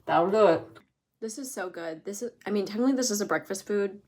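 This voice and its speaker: Quick and a bit mellow, with a medium pitch, this American student in her twenties chats to camera during her study abroad. The casual vlog is filled with laughs and "like" fillers, captured on noisy handheld audio in her apartment and on the streets.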